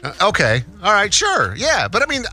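A middle-aged man with a bright, forward voice, co-hosting morning radio. He talks casually and teases his co-host in easy chat. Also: sits high, huge pitch swings, normal speed. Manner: teasing, conversational.

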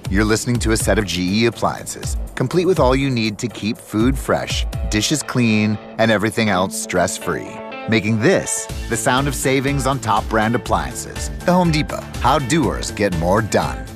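A man reading an ad in a smooth, conversational way. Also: on the low side, sing-song, normal speed, over music. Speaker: ad announcer.

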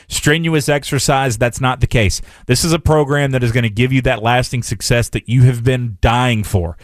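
A man on a dry, close studio mic delivers a testimonial radio ad. His mid-pitched voice stays earnest and personal, building to a direct call to act. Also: no room sound. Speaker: ad spokesman.

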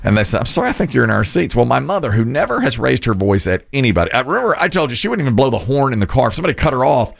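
A man hosting a radio talk show, telling stories in a casual, animated way and acting out the voices of the people in them. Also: mid-range voice, racing, gravelly, hardly any pauses. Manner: animated storyteller, acts out voices in quotes. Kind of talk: casual storytelling chat.

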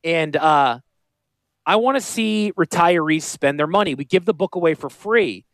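A man with a northern US accent hosting a radio show, talking in a high-pitched voice, joking and rambling off on tangents. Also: moderate pace, no echo. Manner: animated, joking, goes off on tangents. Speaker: radio show host and financial planner.

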